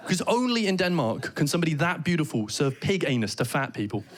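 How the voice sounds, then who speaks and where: British male stand-up comic, a touch high-pitched, animated storyteller on stage. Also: fast, a little hiss or hum. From Britain. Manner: animated storytelling with mock Danish phrases. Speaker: stand-up comedian. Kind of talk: stand-up comedy. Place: theater stage before a laughing audience.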